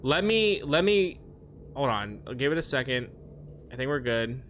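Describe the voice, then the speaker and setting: A man streaming a video game, chatting casually with his viewers and now and then yelling at the game. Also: mid-range voice, animated, normal speed, a little hiss or hum. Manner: yells at the game in frustration, then chats with viewers. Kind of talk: casual gaming stream chat.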